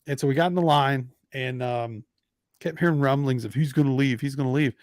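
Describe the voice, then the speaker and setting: A man's voice: medium pitch, a little fast, dry recording, clean studio sound. A man hosting a podcast, telling a story in casual chat and acting out the people in it. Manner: animated storyteller acting out quotes. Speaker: podcast host.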